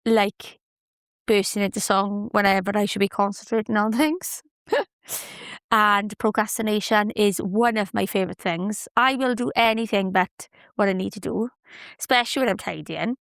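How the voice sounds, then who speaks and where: A chatty, cheerful woman hosts her own podcast in a relaxed, friendly flow, often breaking into laughter. Her voice is close and dry, with no room sound, and sits at an everyday middle pitch. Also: moderate pace, clear, resonant tone, no echo. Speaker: podcast host. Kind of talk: casual solo podcast chat.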